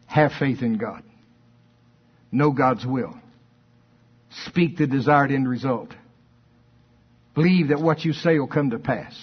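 Husky-voiced man preaching a sermon. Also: medium pitch, slow, long pauses, lo-fi sound. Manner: fervent, reads scripture aloud.

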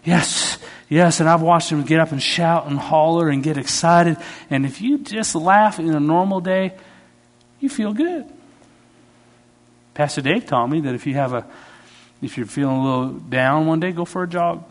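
A man preaching a sermon as a pastor, telling stories with sudden swings in pitch and loudness. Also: normal speed.

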